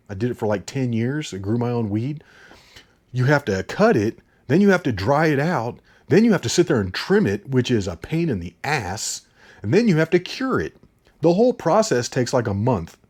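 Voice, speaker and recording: A man's voice: mid-range voice, a little mellow. A man ranting through a movie review, exasperated and full of profanity.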